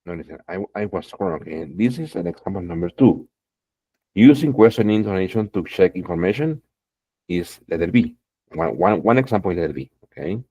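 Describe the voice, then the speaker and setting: A man's voice: low-pitched, animated, fairly quick, mellow, husky, no room sound. A man teaching an English class, encouraging students and saying "okay" and "exactly" again and again. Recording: dull lo-fi sound.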